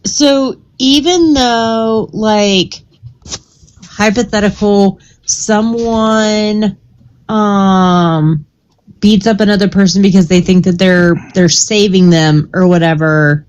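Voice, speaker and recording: A woman on a live stream panel asking slow, probing questions, with fillers as she thinks. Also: medium pitch, a little mellow, highs cut off. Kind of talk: political debate questioning.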